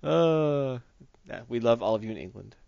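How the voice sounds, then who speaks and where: A podcast co-host jokes and laughs his way through casual talk, riffing on comics and movies, his medium-pitched voice swinging up and down expressively at a normal speed. His tone is gravelly and a little mellow, with no echo. The recording sounds dull and lo-fi, dry and close.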